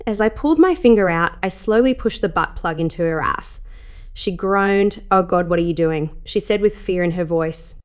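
A woman narrating a first-person adult story in a slow, sultry reading. Her voice sits on the low side of the usual range for women. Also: smooth.

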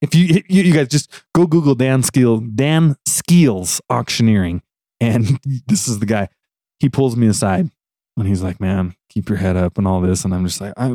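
A man's voice: mid-range voice, moderate pace, dry recording, studio quality. A man telling a long story in casual chat on a podcast, laughing often and acting out what people said. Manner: animated, laughs often, acts out quotes.

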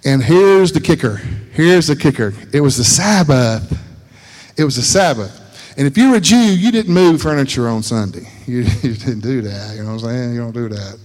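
A man preaching a sermon in a folksy, animated way, repeating lines for emphasis. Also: medium pitch, normal speed. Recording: reverberant hall.

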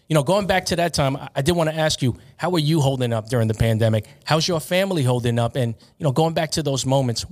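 A man hosts a casual podcast interview, winding his way through long, thoughtful questions. His voice sits at an ordinary middle pitch. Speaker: podcast host and referee.

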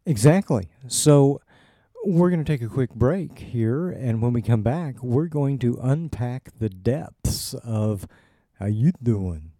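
A man hosting a podcast, explaining in an unhurried way with small restarts. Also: mid-range voice, dark tone, no echo, clean studio sound. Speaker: podcast host. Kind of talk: casual podcast chat and explainer.

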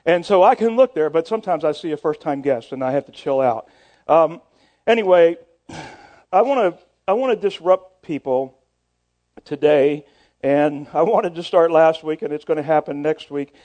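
A man's voice: a little high, moderate pace, darkish tone. A middle-aged male pastor telling a story in a sermon, casual and self-deprecating, often repeating and restarting words.

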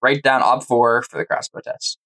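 A man's voice: medium pitch, little pitch movement, normal speed, sharp tone, slight background noise, poor audio. A man running a tabletop game as game master, narrating casually with frequent restarts.

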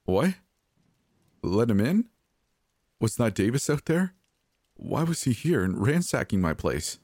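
A man voicing a frightened young woman in a storybook horror reading, high and pleading. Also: expressive, moderate pace, dry recording, studio quality. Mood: terrified.

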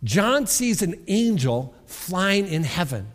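A man preaching a sermon, reading scripture and explaining it, with bursts of shouted repeated words. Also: high-pitched, very animated, a little slow, in a large hall. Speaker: pastor.

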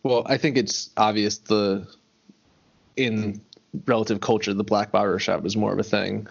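A man co-hosting a podcast, chatting casually about a TV episode in a measured, thoughtful way with dry humor. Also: fairly low pitch, flat delivery, creaky, husky, lo-fi sound. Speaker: podcast co-host. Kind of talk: casual chat recapping a TV episode.

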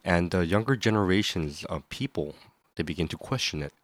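A man co-hosting a podcast, speaking in a measured, thoughtful way that sometimes stumbles over repeated words. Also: low voice, animated, dry recording. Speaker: podcast co-host. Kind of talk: casual podcast chat.

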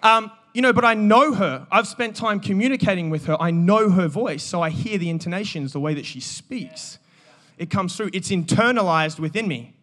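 A man preaches with animated energy, bantering with the people in front of him between points. His voice sits high for a man and rings bright and forceful. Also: normal speed, hardly any pauses. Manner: animated, joking, calls out to the congregation. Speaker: pastor. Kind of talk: energetic sermon with audience banter.

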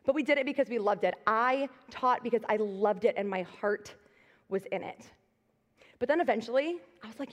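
A woman's voice: fairly high pitch, normal speed. Woman pastor preaching in a reverberant hall. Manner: conversational, personal storytelling with self-deprecating humor. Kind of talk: live sermon. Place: large church auditorium. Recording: long reverb of a live church hall.

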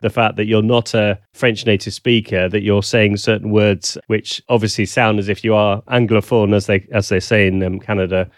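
A man's voice: fairly low pitch, steady tone, normal speed, hardly any pauses, dry recording, clean studio sound. A man from the south of England with a Southern English accent, a guest on a video call interview, talking thoughtfully with frequent ums. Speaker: guest, language consultant. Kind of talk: casual interview chat.

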